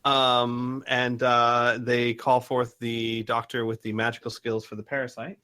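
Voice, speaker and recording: A man narrating as game master for a tabletop game, halting with frequent ums and restarts. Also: medium pitch, little pitch movement, bright, forceful tone, smooth.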